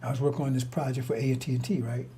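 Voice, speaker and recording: A man's voice: medium pitch, steady tone, fast talker, dark tone, a little hiss or hum. An older man telling stories in a rambling monologue, blunt and confrontational, with frequent restarts and cursing. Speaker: storyteller.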